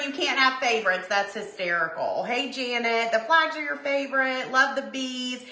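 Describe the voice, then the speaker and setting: A woman's voice: high-pitched, normal speed, bright, forceful tone. A woman hosting a casual live stream, chatty and gushing, calling her viewers y'all. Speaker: livestream host showing craft printables. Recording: roomy echo.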